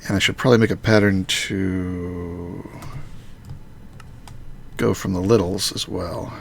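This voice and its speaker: A man casually talking through a modded game on a live stream, muttering to himself with halting fillers. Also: sits low, steady tone, gravelly, slight background noise.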